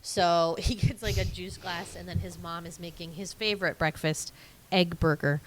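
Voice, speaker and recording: Podcast co-host, woman, low-ish voice, animated movie recaps, faint hiss in the background. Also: normal speed. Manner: animated storytelling, acts out movie lines in a high voice; frequent fillers and laughs. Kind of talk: casual chat.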